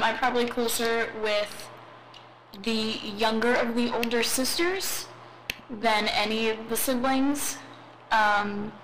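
A woman in her twenties on a casual podcast, hesitant with lots of ums and giggles. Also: fairly high pitch. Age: 20s. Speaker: podcast co-host. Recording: noisy home recording.

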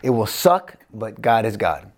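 A man as an interview guest, giving an impassioned faith testimony that swings between loud bursts and hushed, low tones. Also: sing-song, measured pace.

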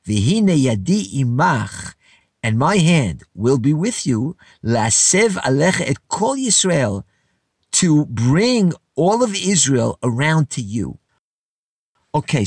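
A man's voice: medium pitch, slightly rough, dry recording, studio quality. A man teaching a Bible lesson verse by verse in a casual, explanatory way, reading Hebrew phrases and translating them into English.

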